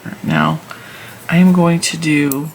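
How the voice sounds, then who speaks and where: Knitting as she goes, a host of a knitting and crochet channel reviews yarn in a chatty, rambling way, often chuckling at herself. She speaks slowly in a low voice with fairly even intonation. There's slight background noise, and the recording quality is low.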